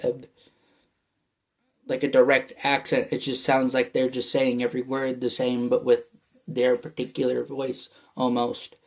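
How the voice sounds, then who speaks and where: Young guy with a Michigan accent, unhurried delivery, meandering casual vlog chat. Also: mid-range voice. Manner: meandering, full of fillers and restarts. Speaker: YouTuber. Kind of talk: casual rambling vlog talk.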